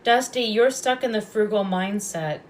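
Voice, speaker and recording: A woman giving intuitive readings on a live stream. She talks calmly and softly and often repeats her phrases. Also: medium pitch, moderate pace, slight background noise. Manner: calm, soft-spoken, repeats phrases. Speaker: psychic reader and past life regressionist.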